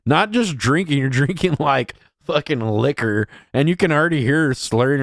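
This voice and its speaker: A man's voice: fairly high pitch, lively intonation, moderate pace, vocal fry, few pauses, no echo, clean studio sound. A man streaming a crude, profane reaction commentary, scornful and rambling.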